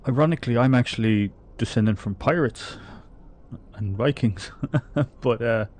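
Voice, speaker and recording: A man with an Irish accent from the Republic of Ireland livestreams a game, chatting casually with viewers, reading their comments aloud and laughing often. His mid-range voice is a little mellow and moves at a measured pace.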